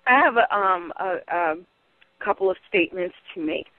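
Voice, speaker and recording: A woman's voice: fairly low pitch, lively intonation, moderate pace, no echo. A woman from North Carolina calling in to a radio show, talking in a chatty, rambling way. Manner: chatty, rambling, with giggling asides. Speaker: caller. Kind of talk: call-in radio conversation. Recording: tinny phone line.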